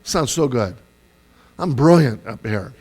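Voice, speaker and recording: A man preaching a sermon in a lively, conversational way, acting out quoted voices with sudden loud bursts. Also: mid-range voice, a little slow. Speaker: pastor.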